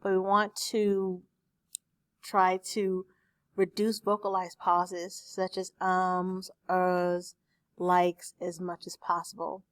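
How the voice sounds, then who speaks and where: A woman speech teacher recording a lecture for her class on a desktop microphone, explaining terms slowly with examples. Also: lowish voice, level tone, no room sound. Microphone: desktop USB microphone.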